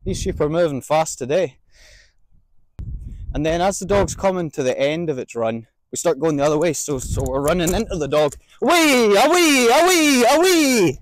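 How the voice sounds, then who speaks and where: A man training a sheepdog outdoors, explaining each step and calling out drawn-out commands to his dog between explanations. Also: fairly high pitch, darkish tone, no room sound. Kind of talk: outdoor instructional demonstration.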